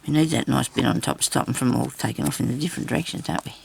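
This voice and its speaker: A woman's voice: extremely low pitch, rapid-fire, gravelly, a little mellow, slight background noise. A woman vlogging a crafting demonstration, rambling and chatty as she talks straight to her viewers.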